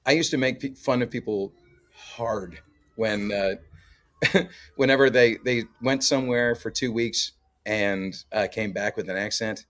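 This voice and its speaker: A man from Canada talks in a fairly low voice, telling stories in a loose, joking way with plenty of fillers. He sounds like a musician relaxed on a podcast chat. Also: a little slow. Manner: chatty, jokey storyteller with many fillers. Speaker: guest co-host, musician.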